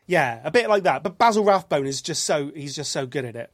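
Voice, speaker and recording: An Englishman hosting a podcast, talking in loose, rambling bursts that double back on themselves. His voice sits a little high and sounds close and dry, with no room around it. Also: animated, a little fast, no room sound. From England. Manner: chatty, rambling, self-interrupting. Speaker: podcast host. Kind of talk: casual chat.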